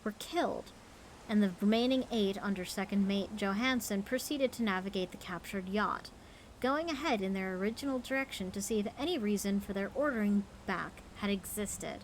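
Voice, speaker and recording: A woman's voice: medium pitch, moderate pace, a little hiss or hum, lightly acted, poor audio. A woman voicing a news reporter, reading out a newspaper clipping in a formal newsreader manner.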